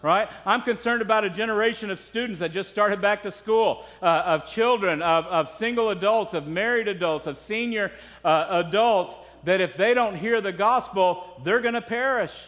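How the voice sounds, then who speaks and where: High-voiced pastor in a reverberant hall. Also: male voice, moderate pace, few pauses, a bit bright. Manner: conversational, asks the congregation rhetorical questions. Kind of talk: sermon. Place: church sanctuary. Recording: long reverb of a church hall.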